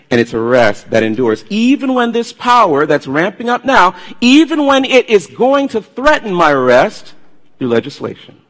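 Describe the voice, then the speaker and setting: A man preaching a sermon, telling stories in an animated way and swinging from loud bursts to hushed tones. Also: fairly high pitch, husky. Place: church sanctuary. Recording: long hall reverb.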